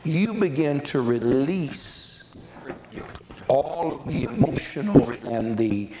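A man's voice: mid-range voice, big pitch swings, takes it slowly, dark tone, slight background noise, low-quality recording. A man preaching a sermon as a pastor, talking conversationally with repeated words and folksy asides to the congregation.

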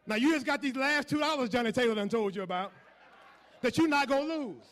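A man preaching a sermon, building from quiet asides to loud call-and-response shouts. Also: very high voice, fairly quick.

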